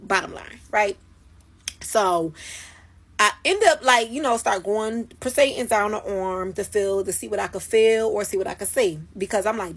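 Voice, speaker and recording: A woman with a husky, somewhat breathy voice at an ordinary middle pitch tells a personal story straight into her phone. She talks casually and swears freely. She leans hard on her emphasis, as if reliving every moment. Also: normal speed. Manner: profane, emphatic, dramatic retelling. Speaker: storyteller recounting her work night.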